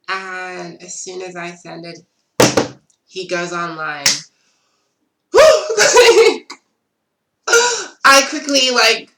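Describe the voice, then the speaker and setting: A woman's voice: lowish voice, vocal fry, bright, forceful tone, slight background noise. A young woman telling a casual storytime vlog, chatty and full of "like" fillers. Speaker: vlogger. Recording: roomy echo.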